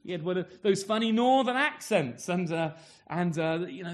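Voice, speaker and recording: Tag-questioning male preacher, slightly high voice. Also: animated, moderate pace. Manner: conversational, full of rhetorical tag questions; restarts and stumbles while reaching for words. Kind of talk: sermon.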